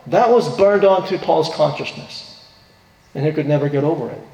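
A man's voice: on the high side, moderate pace, creaky, dark tone. Preaching man in an echoey hall. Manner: earnest preaching with rising emphatic quotes. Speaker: pastor. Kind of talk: sermon. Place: church sanctuary. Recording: echoey hall, distant reverb.

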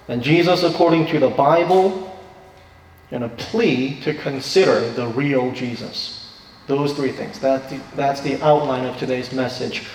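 A man's voice: a little high, recorded from a distance. Man preaching in an echoey hall. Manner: emphatic, repeats key questions. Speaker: pastor. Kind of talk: sermon. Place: church sanctuary.

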